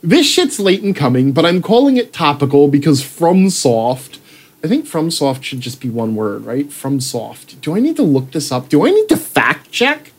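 A man's voice: on the high side, sing-song, normal speed, a little mellow, breathy edge. A man reading his own article aloud in a sarcastic, swearing rant, breaking off to joke about it. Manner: puts on mock voices when quoting people. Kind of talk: ranting proofread read-aloud.

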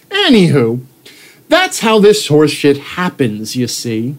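A man's voice: on the high side, huge pitch swings, slow. A man reading his own article aloud in a sarcastic, swearing rant, breaking off to joke about it. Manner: puts on mock voices when quoting people. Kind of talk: ranting proofread read-aloud.

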